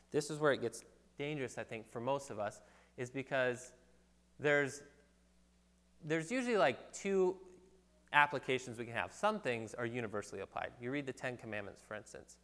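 A man's voice: medium pitch, fairly bright tone. A man preaching a sermon to his congregation in an earnest, conversational way, joking at times and restarting sentences. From California, USA. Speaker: pastor. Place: church sanctuary. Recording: long hall reverb.

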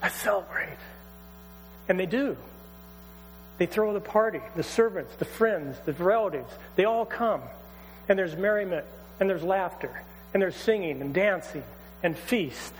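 A man pastor retelling a scripture story in a conversational, animated sermon. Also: sits high, normal speed. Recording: hall reverb, faint mains hum.

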